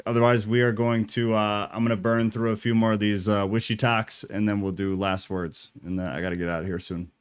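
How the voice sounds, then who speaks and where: A male podcast host with a very low, deep voice agrees often and keeps the conversation moving. He talks in a relaxed, casual way during a live stream. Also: fairly quick, hardly any pauses, clear, resonant tone. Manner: agreeable, affirming, with short backchannels.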